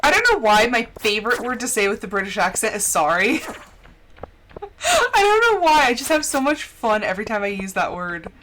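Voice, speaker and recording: A woman's voice: fairly high pitch, sing-song, moderate pace, noisy background. An American woman streaming a video game, chatting casually and giggly, with lots of "like". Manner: chatty and giggly, heavy use of "like". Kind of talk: casual livestream chat.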